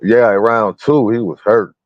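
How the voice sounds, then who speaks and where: A man's voice: fairly low pitch, fairly even intonation, normal speed, no echo, lo-fi sound. A man in casual boxing chat, laid-back, slangy and opinionated.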